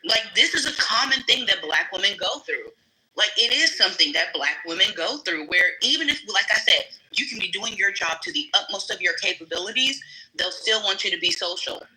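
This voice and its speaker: A woman's voice: medium pitch, animated, a little fast, bright, forceful tone, poor audio. A young adult woman telling a personal story bluntly on a live panel, with casual swearing. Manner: blunt, frank, swears freely. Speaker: livestream panel guest.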